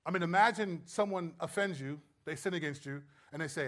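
A man with a notably high voice delivers a sermon, teaching verse by verse. His delivery is animated and playful, and he slips into little acted-out exchanges to drive home his point. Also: a little fast, few pauses. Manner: animated, acts out quoted voices with humor. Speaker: preacher.

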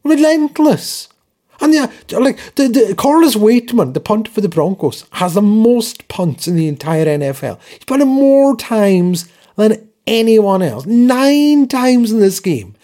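In casual sports talk on the podcast he co-hosts, this man rants in exasperation, often breaking off and restarting sentences. His voice is high, sing-song and mellow, and he speaks a little slowly.

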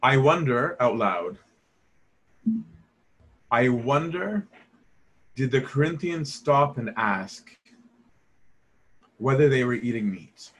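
A man with a husky, slightly breathy voice leads a conversational Bible study. He keeps turning to his listeners with rhetorical questions and slips into the voices of the people he quotes. His pitch sits in an ordinary middle range for a man. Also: animated, slow, long pauses, fairly bright tone. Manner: asks the audience rhetorical questions.

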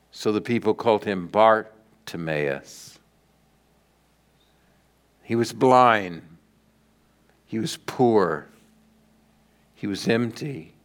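A middle-aged male pastor preaching with a slow, deliberate delivery. His pitch rises and falls widely as he swings between loud declarations and hushed, dramatic lines. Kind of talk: sermon.

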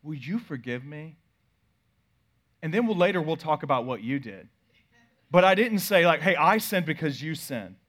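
A pastor in his thirties telling a family story in a sermon, swinging from loud bursts to quiet asides. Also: a little high, expressive, brisk.

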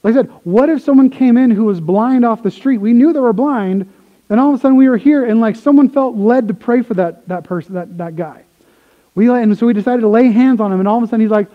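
A man preaching a sermon, swinging from quiet explanation to excited retellings of the crowd. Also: very high-pitched, fast, phone-quality sound. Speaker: pastor.

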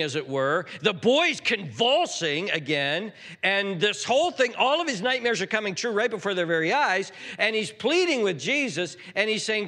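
A male pastor preaches in a high, bright voice that swoops up and down with emphasis. He often restarts his sentences and acts out quotes as he goes. A long reverb rings through the hall around him. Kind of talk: sermon.

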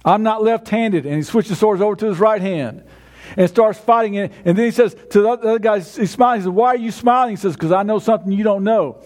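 A man's voice: high-pitched, a little fast, a little mellow. A man preaching a sermon in a conversational way, often restarting his words. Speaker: pastor.

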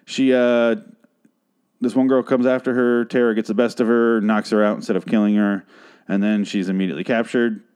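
A man hosting a casual solo review podcast, talking in a profane, rambling, jokey way and sometimes breaking into animated voices. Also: fairly low pitch, normal speed, clear, resonant tone. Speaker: podcast host reviewing a TV series.

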